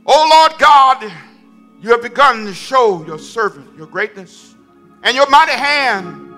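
A man acting out an old prophet pleading with God, in slow, dramatic, remorseful prayer. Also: extremely high pitch, sharp tone, voice pushed up, full character voice.

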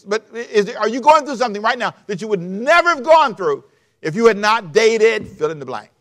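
A man's voice: high-pitched, a bit bright. A man preaching a sermon, reading scripture and explaining it in a loose, conversational way, repeating phrases and putting direct questions to his listeners.

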